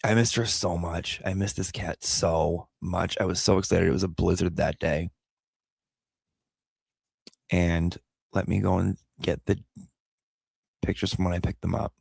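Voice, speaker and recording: A man's voice: low-pitched, fairly even intonation, measured pace, creaky, long pauses, darkish tone, husky, no echo, studio quality. A man telling a personal story casually, candid and emotional, repeating himself and swearing now and then. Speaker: vlogger and pet owner.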